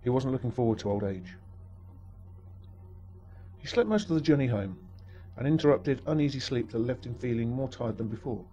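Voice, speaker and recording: A man's voice: mid-range voice, lively intonation, moderate pace, warm tone, muffled recording, faint music behind. A man narrating a story in a dry, wry manner.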